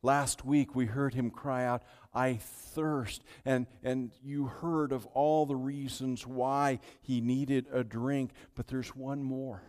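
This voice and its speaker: A male pastor preaching a sermon in a church, dropping to near-whispers at times and building to loud, triumphant declarations. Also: medium pitch, fairly even intonation, takes it slowly, hardly any pauses. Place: church sanctuary.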